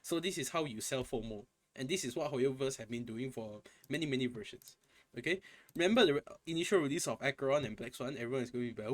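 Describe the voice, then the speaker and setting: A man's voice: mid-range voice, expressive, fast. A young man ranting in a casual gaming commentary, exasperated and profane, often repeating and restarting his phrases. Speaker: gaming content creator.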